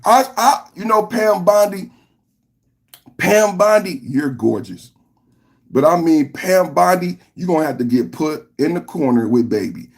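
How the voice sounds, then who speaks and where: A man's voice: on the high side, big pitch swings, unhurried, gravelly. A male podcast host ranting combatively on a live reaction stream, firing rhetorical questions and reading out chat comments.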